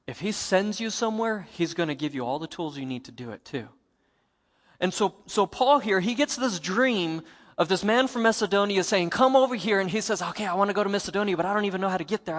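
A man preaching a sermon as pastor, telling a Bible story with animated, acted-out quotes. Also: a little high, long reverb tail.

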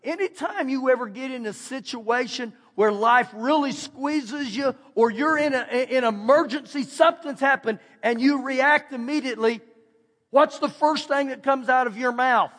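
High-voiced Texan pastor in a reverberant church. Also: male voice, normal speed. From Texas. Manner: folksy, animated, repeats phrases for emphasis. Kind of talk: storytelling sermon. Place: church sanctuary. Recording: long hall reverb.

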